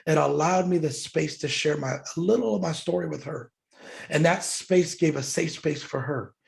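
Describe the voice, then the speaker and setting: Middle-aged guy with a really gravelly voice, earnest and heartfelt, podcast guest telling a story. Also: a little high, moderate pace. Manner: earnest, heartfelt, talks through emotion. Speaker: guest speaker. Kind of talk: emotional storytelling in an interview.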